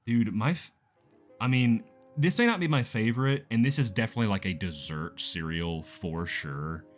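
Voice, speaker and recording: A young man co-hosting a podcast, talking casually in an animated, enthusiastic way and calling his co-host "dude". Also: on the low side, moderate pace, soft background music. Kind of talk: casual chat.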